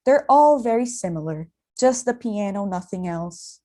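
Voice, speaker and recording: A woman's voice: mid-range voice, animated, measured pace, warm tone, natural voice. A woman reading the lines of a tired, ironic man talking on the phone late at night, in a dry, teasing way. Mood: weary.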